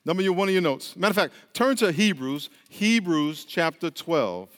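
A man with a high, lifted voice preaches to his congregation, drawing them in with stories and call-and-response. His words ring out through a church hall with a long, lingering reverb. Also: expressive, moderate pace. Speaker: pastor. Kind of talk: sermon.

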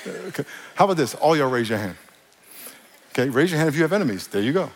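A man preaches to his congregation, teasing them and asking them questions. He jokes freely and acts out the people he quotes. His voice sits a bit high for a man. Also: sing-song, fast, big-room sound, noisy background. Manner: addresses the audience directly. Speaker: pastor. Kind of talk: sermon.

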